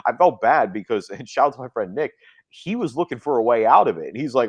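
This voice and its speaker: A young man co-hosting a casual sports podcast, an animated storyteller who acts out quoted dialogue, recorded on a close, dry mic. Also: mid-range voice, fast talker, husky, no echo. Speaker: podcast co-host.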